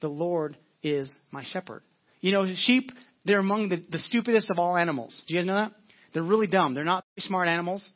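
Delivering an earnest sermon, this pastor's voice sits high and the sound is lo-fi. He leans on repeated phrases for emphasis and eases his pace for scripture readings.

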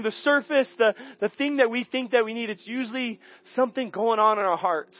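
A guest pastor telling a story in his sermon, animated and chuckling, often restarting his sentences. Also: very high-pitched, normal speed, lo-fi sound. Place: church sanctuary.

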